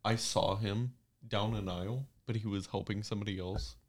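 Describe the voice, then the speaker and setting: A man's voice: lowish voice, fairly even intonation, normal speed. A man chatting casually with friends, blunt and dry, swearing casually. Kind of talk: casual chat among friends.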